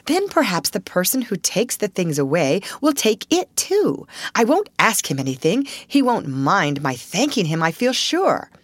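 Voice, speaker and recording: Woman reads a grateful young girl: bright, coaxing, animated, dry close sound. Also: mid-range voice, unhurried, hardly any pauses, no echo. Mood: joyful.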